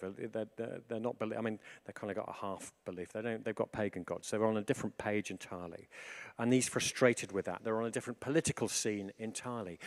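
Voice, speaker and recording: A man preaching in a relaxed, conversational way. His delivery is animated, dropping to a hush and then lifting with excitement. His voice sits at a middle pitch. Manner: animated, swings between hushed and excited. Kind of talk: informal sermon.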